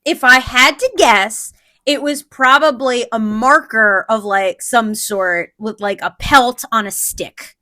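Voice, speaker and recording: A woman co-hosting a podcast in casual chat, arguing her points with animated insistence. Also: a little high, slow. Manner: animated, argumentative. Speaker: podcast co-host.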